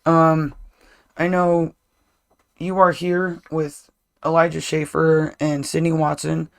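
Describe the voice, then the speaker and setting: Gravelly, higher-voiced man chatting casually. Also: little pitch movement, slow. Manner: rambling, swears casually, frequent restarts. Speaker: podcast co-host; parent. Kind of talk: casual chat.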